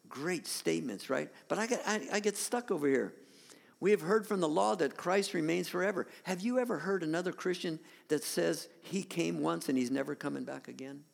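A man's voice: on the high side, creaky. A man preaching a sermon, reading scripture dramatically and turning to the congregation with conversational asides. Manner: dramatic scripture reading, rising to near shouts. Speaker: pastor. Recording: long hall reverb.

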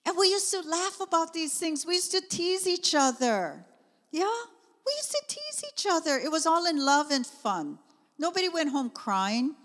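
A middle-aged woman, preaching a sermon in a conversational, animated way with chatty asides. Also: very high-pitched, normal speed. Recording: long reverb of a church hall.

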